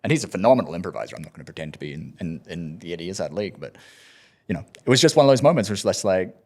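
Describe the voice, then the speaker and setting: A man, an actor guest on a podcast, telling anecdotes in an animated way and teasing dryly. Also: sits low, rapid-fire. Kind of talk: casual interview storytelling.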